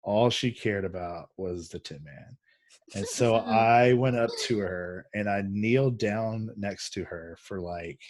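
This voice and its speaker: A man's voice: lowish voice, measured pace, slight background noise. A man hosting a casual chat, rambling through a story with many fillers and restarts. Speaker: podcast host. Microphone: video call.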